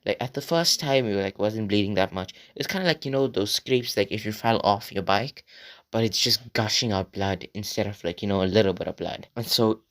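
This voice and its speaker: Rambling, profane young man, lowish voice. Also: fairly quick, a bit bright. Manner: rambling and profane, heavy filler words; talks straight to viewers. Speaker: vlogger. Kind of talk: casual storytime monologue.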